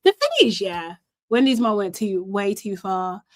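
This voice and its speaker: A woman's voice: mid-range voice, big pitch swings, unhurried. A young woman, chatting animatedly through a casual live recap and laughing often. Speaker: reality TV recap host.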